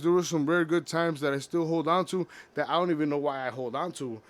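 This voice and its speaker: A young man talking about his past in a personal confessional vlog, halting and full of restarts. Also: fairly high pitch, dry recording. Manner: halting, many restarts and fillers. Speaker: vlogger.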